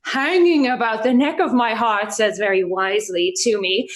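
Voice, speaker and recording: A woman's voice: a little high, moderate pace, close to an everyday voice. A woman playing a young male clown servant who argues comically with himself, acting Shakespeare over a video call. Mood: comic. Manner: comic, bouncy, playing all the inner voices.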